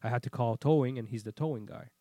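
Animated man telling a wild story. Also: mid-range voice, fast talker, no room sound, studio quality. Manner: animated, acts out quotes, swears often. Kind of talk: casual storytelling.

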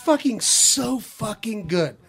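A woman co-hosting a casual geek chat, excitable and quick to laugh, swearing freely as she gushes. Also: a little high, creaky, husky. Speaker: podcast co-host.

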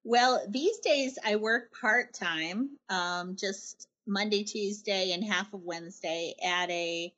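A middle-aged woman from Canada, a writer being interviewed, talking in a chatty, animated way with frequent laughs and restarted phrases. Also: medium pitch, slow, few pauses. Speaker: guest, writer. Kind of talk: conversational interview answers.

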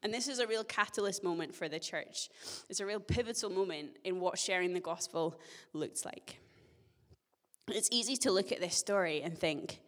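A young woman giving a sermon to her church, telling a personal story in a chatty, self-deprecating way with gentle humor. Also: on the low side, normal speed. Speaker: church speaker. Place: church hall. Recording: long church-hall reverb.

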